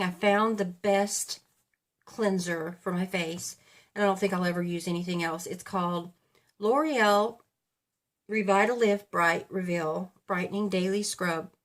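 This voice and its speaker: A woman's voice: fairly low pitch, fairly even intonation, measured pace. A woman in her fifties chatting casually as a beauty vlogger, rambling and correcting herself as she goes while getting ready at home. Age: 50s. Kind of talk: casual chat.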